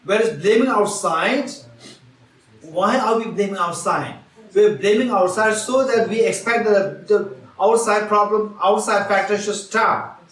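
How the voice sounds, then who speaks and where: An unhurried man with a high, fairly bright voice gives a Buddhist teaching at a retreat, asking his listeners questions and repeating key lines. The hall sounds spacious, and the mic sits far from him.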